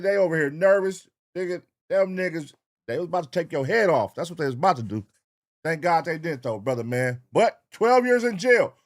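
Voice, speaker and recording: A young man hosting a late-night livestream, loose and profane, calling out chat names in a sing-song way. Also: fairly high pitch. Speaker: livestream reaction host. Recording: faint hip hop music behind. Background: faint hip hop music.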